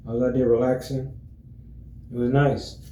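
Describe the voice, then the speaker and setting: A man talking casually to his viewers in a relaxed, rambling way, full of fillers and restarts. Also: mid-range voice, normal speed, roomy sound, a little hiss or hum, rough recording. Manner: relaxed, friendly greetings. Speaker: vlogger. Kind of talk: casual chat to camera.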